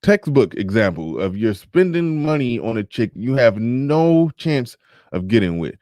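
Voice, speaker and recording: A man's voice: medium pitch, big pitch swings, a little slow, a little mellow, no room sound, clean studio sound. A man hosting a live show, commenting in a chatty, wry way and reading pages aloud. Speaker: podcast host.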